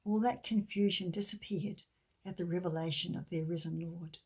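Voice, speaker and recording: A middle-aged woman giving a gentle sermon with a children's story, often dropping to a soft near-whisper. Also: lowish voice, fairly even intonation, moderate pace, breathy edge. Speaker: church speaker.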